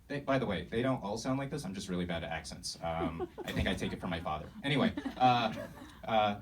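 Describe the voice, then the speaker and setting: Halting self-deprecating male stand-up comic. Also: on the low side, lively intonation. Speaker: stand-up comedian. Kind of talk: stand-up comedy. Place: live stage at an arts center. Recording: far-off mic in a hall, faint noise.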